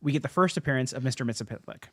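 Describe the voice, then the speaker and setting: A young man hosting a casual podcast, retelling old comic stories with lots of "like"s and quick restarts. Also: mid-range voice, husky, dry recording, clean studio sound. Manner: animated storyteller, many "like"s and restarts. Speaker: podcast host. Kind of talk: casual comic-history chat.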